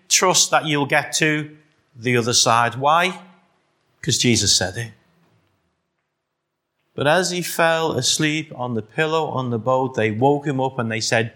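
A man's voice: fairly high pitch, moderate pace, bright, forceful tone. A middle-aged man with a Liverpool accent preaching a sermon, firing rhetorical questions at the congregation and adding teasing asides. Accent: Liverpool (Scouse). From Liverpool, England.

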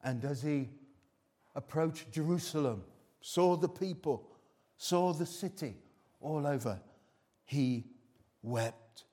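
A man's voice: on the high side, lively intonation, slow pace, long pauses, mellow. A middle-aged man preaching a live sermon in a church, who teases his congregation and asks many rhetorical questions. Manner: chatty, teasing the congregation between points. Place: church hall before a congregation.

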